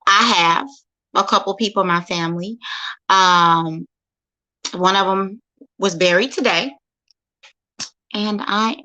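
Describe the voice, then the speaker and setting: A woman from St. Louis, a guest speaker, talking casually over a phone livestream, halting with many fillers and restarts. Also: lowish voice, sharp tone, rough recording. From St. Louis, USA.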